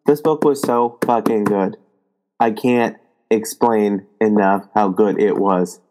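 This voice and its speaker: A young man co-hosting a casual book podcast, joking and talking in halting, restarting sentences. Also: fairly low pitch, fairly even intonation, darkish tone. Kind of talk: casual book review chat.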